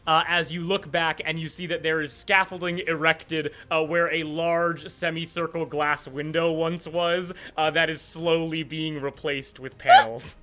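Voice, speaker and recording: A man's voice: on the high side, steady tone, moderate pace, sharp tone, soft background music. A man narrating as game master, rambling with many fillers and restarts.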